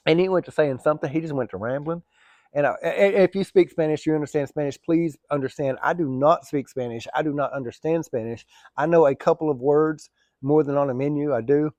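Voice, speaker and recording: A man's voice: fairly high pitch, moderate pace, no room sound, studio quality. A man who drives trucks, telling stories in a rambling, chatty way, swearing casually and laughing easily. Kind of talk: casual storytelling.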